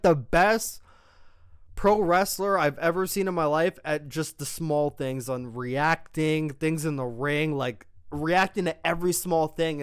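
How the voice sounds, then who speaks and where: A young man giving a casual, profane, excited recap of a wrestling show as its reviewer. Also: on the high side, smooth, no echo, studio quality.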